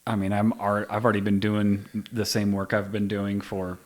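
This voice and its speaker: A man in his forties hosting a podcast, talking in a relaxed way and trailing off softly at the ends of thoughts. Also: lowish voice, normal speed. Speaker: podcast host. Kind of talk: casual conversation.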